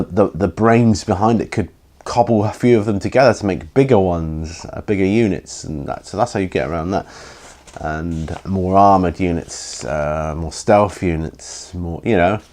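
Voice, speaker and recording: Male host, deep voice, worn out, loose and hesitant casual chat. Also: a little mellow. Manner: rambling, hesitant, full of ums. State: tired, yawning. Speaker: hobby channel host answering viewer questions.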